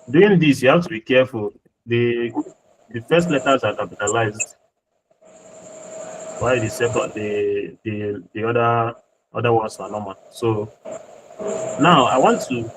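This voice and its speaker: Guy walking students through a design tool step by step, patient, repeats himself, mid pitch, hiss and room noise behind. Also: a little slow, pauses often. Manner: patient, repeats himself while working on screen. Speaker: design tutor. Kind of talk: screen-share tutorial walkthrough.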